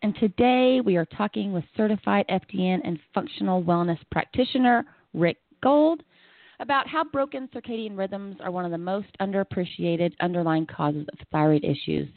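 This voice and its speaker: A woman with a Southern US accent chats and exclaims readily as she co-hosts a talk show. Her voice comes through a narrow, phone-like line with almost no room sound. Her pitch sits mid-range. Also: normal speed, no echo. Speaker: podcast co-host. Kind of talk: casual radio chat. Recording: phone-like, dry call-in audio.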